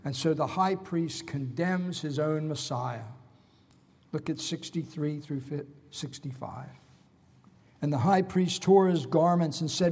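A man's voice: fairly high pitch, expressive, unhurried, darkish tone, long reverb tail. A man preaching an expository sermon, retelling scripture with dramatic, emphatic storytelling.

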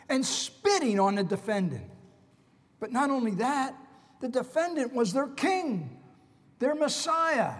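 A man's voice: high voice, slightly rough, big-room sound. A man preaching an expository sermon, retelling scripture with dramatic, emphatic storytelling.

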